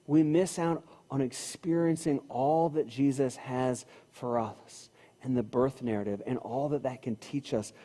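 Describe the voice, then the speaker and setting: A man's voice: mid-range voice, steady tone, measured pace, dark tone. A man preaching a sermon in a church, talking in a conversational way and repeating phrases for emphasis. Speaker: pastor. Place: church sanctuary. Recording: long hall reverb.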